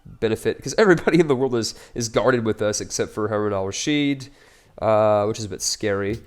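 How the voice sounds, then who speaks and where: A man's voice: fairly low pitch, fairly quick. A man casually commenting on his own strategy game playthrough, upbeat and chatty with wry, joking asides. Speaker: let's play host.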